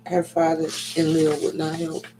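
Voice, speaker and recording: A man giving a slow, dramatic reading of an ancient myth, with deliberate pacing and sudden loud cries. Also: fairly high pitch, monotone, background noise.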